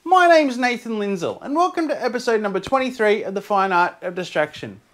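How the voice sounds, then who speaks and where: An Australian man, excitable and quick to laugh, chatting casually to camera as a fluid art vlogger. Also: high-pitched. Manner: excitable, laughs often, bursts into shouts.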